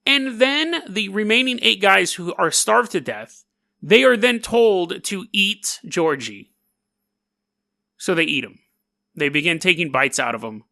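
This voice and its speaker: A man's voice: high-pitched, expressive, a little slow, vocal fry, sharp tone, no echo, studio quality. A man hosting a podcast, telling a story casually and sarcastically, with joking asides. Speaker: podcast host.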